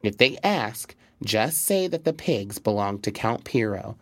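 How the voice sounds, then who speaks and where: A man's voice: fairly low pitch, expressive, unhurried, fairly bright tone, dry recording, full character voice. A man voicing a sly, clever male fox who schemes with urgent, persuasive words. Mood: urgent scheming.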